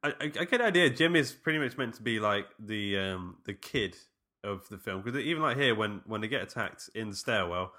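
A man's voice: lowish voice, expressive, brisk, pushed and bright. A man co-hosting a casual film podcast, rambling with many fillers. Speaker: podcast co-host.

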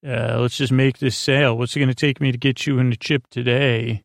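Gravelly deadpan man rambling a recap. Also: medium pitch, dry recording, studio quality. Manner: halting, filler-heavy retelling in "he goes, she goes"; flat, deadpan delivery. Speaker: podcast host. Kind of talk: rambling episode recap for falling asleep.

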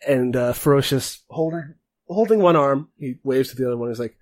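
A man narrating a tabletop game as game master, relaxed and rambling. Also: medium pitch, a little fast, no room sound.

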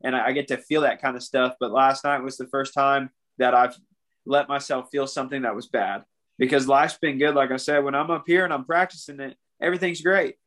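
In a candid interview on a podcast, a young man talks earnestly and emotionally about a hard experience, often calling people "man." His mid-range, fairly bright voice moves fairly quickly with fairly even intonation.

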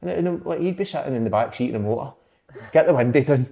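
Expressive and quick, a Scottish former footballer chats about his playing days, rambling through anecdotes and throwing in the odd swear word. He speaks at medium pitch with a creaky, dark tone.

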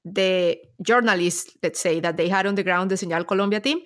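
A woman co-hosting a casual chat, chatty and quick to laugh, with many fillers. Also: lowish voice. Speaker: podcast co-host.

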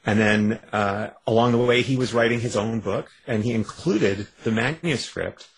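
A man's voice: lowish voice, normal speed, husky, low-quality recording. A man from Canada, an author being interviewed on a radio show, wry and self-deprecating, rambling with many restarts. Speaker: author guest.

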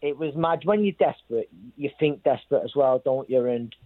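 A man's voice: mid-range voice, animated, a little fast, dry recording. Man telling a story over a thin line. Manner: rambling, repeats himself, quotes others. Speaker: boxer telling his story. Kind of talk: interview storytelling. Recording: thin phone-like sound.

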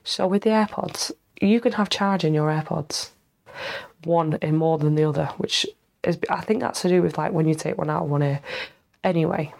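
Stuffy, gravelly woman rambling. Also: deep voice, moderate pace, darkish tone. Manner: rambling, chatty, self-mocking, sweary. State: stuffy-nosed from a cold, tired. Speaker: podcast host. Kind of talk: casual solo podcast chat.

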